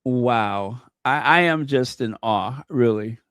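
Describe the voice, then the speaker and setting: Slow, effusive man chatting on a livestream. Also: mid-range voice, fairly bright tone, clear, resonant tone, no echo, studio quality. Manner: effusive, gushing over gifts; talks to viewers by name. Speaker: channel host. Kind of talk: casual live-stream chat.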